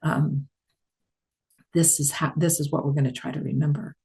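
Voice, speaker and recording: An older woman, a spiritual teacher, gently answering questions in a satsang talk, rambling with many restarts. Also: low voice, little pitch movement, moderate pace, creaky.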